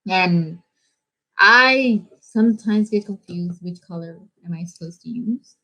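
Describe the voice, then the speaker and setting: A woman's voice: on the low side, takes it slowly, pushed and bright. A young woman hosting a casual livestream, chatty and bubbly, switching between Japanese and English. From United States. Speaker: livestream host.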